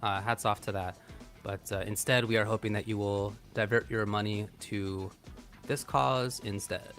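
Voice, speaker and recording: A male commentator on a fighting game stream with a bright, forward voice. He talks in a loose, joking way between matches. Faint music sits underneath. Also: fairly low pitch, steady tone, normal speed. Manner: joking, chatty, drives donation segments. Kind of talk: esports commentary.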